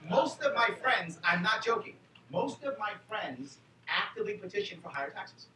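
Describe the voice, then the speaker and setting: Bright, animated New man in a hall. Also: sits high, moderate pace. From New York City. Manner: animated, joking, fires rhetorical questions at the crowd. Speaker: convention speaker. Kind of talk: political convention speech. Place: convention hall. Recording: echoey hall, far from the mic, faint noise.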